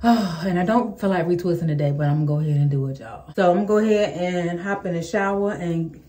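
Woman, 30s, home hair-care vlogger; lower voice, casual and chatty with viewers, echoey room. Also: fast, mellow. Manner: chatty, addresses viewers as y'all, many ums. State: out of breath. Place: home, indoors.

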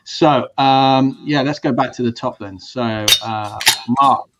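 A man's voice: mid-range voice, slow, heavy background noise. A man hosting a casual video-call talk show, chatty and hesitant, often restarting his sentences. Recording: dull lo-fi stream audio.

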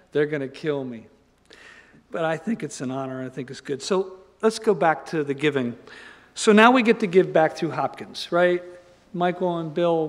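A man giving an informal, story-filled lecture, rambling and joking as he goes. His voice sits fairly high. A long reverb trails off the walls of the lecture hall. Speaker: guest lecturer.

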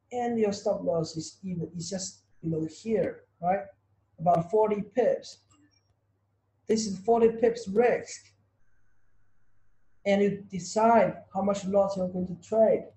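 Speaking slowly in a high, warm voice with long pauses, a trading tutor leads a webinar lesson. He goes over points more than once and asks students rhetorical questions, heard with noticeable room echo.

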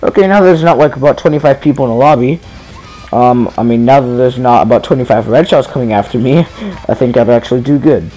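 A man's voice: medium pitch, brisk, mellow, soft background music. A young man giving casual commentary while streaming a kart race, chatty and self-deprecating as he talks to viewers.

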